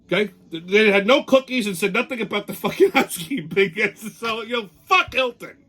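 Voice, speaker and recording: A man's voice: high voice, lively intonation, moderate pace, sharp tone, breathy edge, faint music behind. A middle-aged man hosting his own show, telling a story as a blunt, profane rant. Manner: blunt, swears constantly, mocks and rants. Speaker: show host. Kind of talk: profane ranting monologue.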